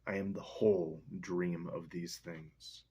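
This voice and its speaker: This is a vlogger chatting casually on camera and joking around between poems he reads aloud. His voice is low, dark and husky, with a steady tone and a slow pace.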